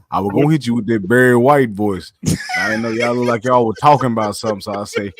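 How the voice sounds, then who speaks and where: A man's voice: mid-range voice, brisk, raised voice, background noise. A man calling in to a live podcast, joking and talking playful trash. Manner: playful, boastful trash talk. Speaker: caller on live stream.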